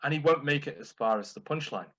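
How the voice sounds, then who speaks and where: A man's voice: on the high side, animated, a bit bright, poor audio. A man delivering a playful, humorous prepared speech at a speaking club. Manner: playful, deliberate.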